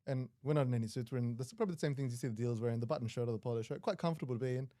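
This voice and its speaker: A man's voice: mid-range voice, very fast, mellow, dry recording, clean studio sound. An Australian man commentating live poker with casual, self-deprecating jokes.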